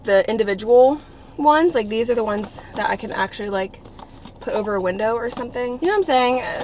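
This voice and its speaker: A young woman vlogs with upbeat, casual chatter peppered with "like" and "you know," sounding out of breath. Her voice is mid-range, with a little hiss or hum on the recording.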